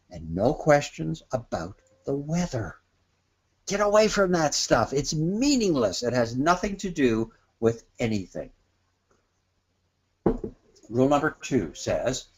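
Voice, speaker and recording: A man presents a webinar in a lively, talkative manner, with his pitch swinging widely up and down as he makes his points. He sits at a middle pitch for a man and now and then mimics other people in a higher voice. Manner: animated, acts out quoted trade-show exchanges in a higher voice. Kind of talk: lively instructional talk. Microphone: webinar microphone.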